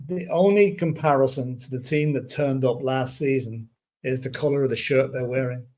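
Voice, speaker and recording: A man co-hosting a casual fan chat show, speaking in a measured, agreeable way with halting restarts. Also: mid-range voice, darkish tone. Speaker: co-host of a fan channel show.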